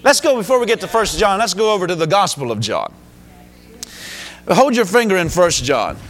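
A man from the United States delivers a sermon as pastor, his voice sitting high. He preaches emphatically, pushing his lines up into exclamations. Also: big pitch swings, moderate pace, a bit bright.

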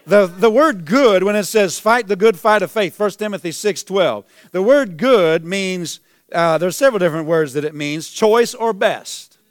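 Emphatic high-voiced preaching man. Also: normal speed, dry recording. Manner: preaching with rising emphatic exclamations. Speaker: pastor. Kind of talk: sermon.

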